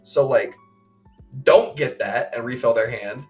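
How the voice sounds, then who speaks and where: A man's voice: medium pitch, measured pace, faint music behind. Rambling man on a casual podcast. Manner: rambling play-by-play with many fillers and acted quotes. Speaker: podcast co-host. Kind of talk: casual chat recounting a tournament game.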